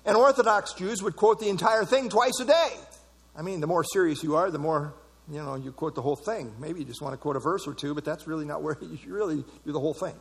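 A man's voice: on the high side, fast talker, gravelly, slightly rough. A man preaching an expository sermon, emphatic and repeating key words for stress. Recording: long hall reverb.

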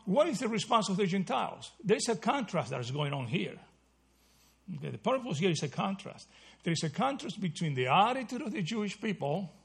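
A man's voice: high voice, creaky, breathy edge. A man teaching a Bible study in a conversational sermon style, often checking in with his listeners and correcting himself mid-phrase. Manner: conversational, checks in with "okay?" and "right?".

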